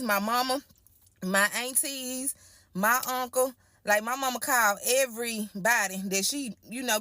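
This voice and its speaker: A woman's voice: on the high side, sharp tone, dry recording. A woman giving an emotional first-person account of a frightening night. She talks colloquially, repeats her phrases and speaks to listeners as y'all. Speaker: storyteller giving a testimony.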